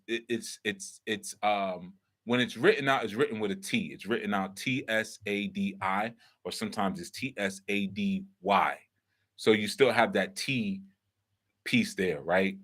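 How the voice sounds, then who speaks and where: A host and teacher with a fairly low, bright voice and a forceful tone lectures casually, explaining his points. Rhetorical questions are part of his style, as is checking in with the listener by saying "right?"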